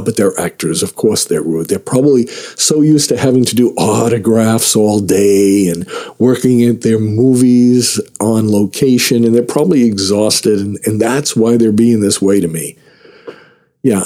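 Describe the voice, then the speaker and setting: A man's voice: fairly low pitch, measured pace, dark tone. A man telling a personal story in a casual, self-mocking way, laughing between lines.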